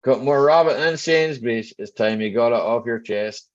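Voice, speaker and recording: A middle-aged Scottish man hosts a casual live chat from home, speaking at normal speed in a mid-range voice. He greets viewers by name and jokes around, and the lo-fi stream audio sounds slightly dull.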